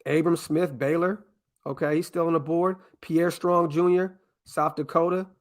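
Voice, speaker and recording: In a casual live-stream chat, a male podcast host works through a mock draft, addressing viewers directly in an excitable, foul-mouthed way. His voice is a little high and he talks at a moderate pace.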